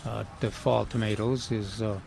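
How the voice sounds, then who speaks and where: A man talks through garden advice in a gravelly voice, full of "uh"s and restarts. His casual radio chat is recorded outdoors at a nursery, with faint background noise. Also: on the low side, steady tone. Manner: halting, many fillers and restarts. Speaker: gardening show co-host.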